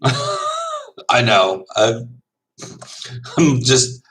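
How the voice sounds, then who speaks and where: A man's voice: medium pitch, wildly swooping pitch, extremely slow, a bit bright, a little hiss or hum, poor audio. A man from the United States chatting casually as a vlogger, wry and sarcastic. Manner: wry, sarcastic, laughs often. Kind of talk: casual chat.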